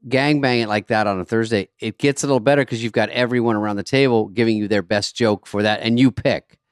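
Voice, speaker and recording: A man co-hosting a podcast in casual chat, chiming in with quick remarks. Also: on the low side, steady tone, smooth, no room sound, studio quality. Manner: quick, chatty interjections. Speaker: podcast co-host.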